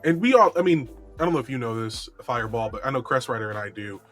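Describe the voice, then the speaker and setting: A man co-hosting a laid-back gaming podcast, talking in casual, excitable bursts full of "uh" and "um". His voice is bright and forceful, sitting in an ordinary male range. Soft music runs faintly underneath. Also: mid-range voice, quick pace. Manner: excitable, interrupts with trivia, many fillers. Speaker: podcast co-host. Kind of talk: casual chat.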